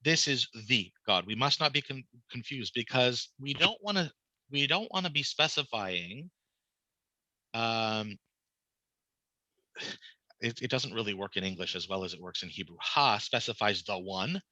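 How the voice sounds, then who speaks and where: Bright-voiced man teaching a class. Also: mid-range voice, lively intonation, measured pace, no echo, rough recording. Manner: explains prayer translations, asks the class questions. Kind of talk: casual teaching.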